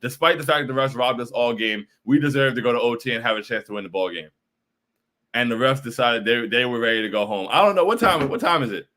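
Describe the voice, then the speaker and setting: A man's voice: medium pitch, lively intonation, fast talker, bright, forceful tone. A young man hosting a postgame livestream, frustrated and repetitive, often saying bro while reacting to chat. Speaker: postgame show host.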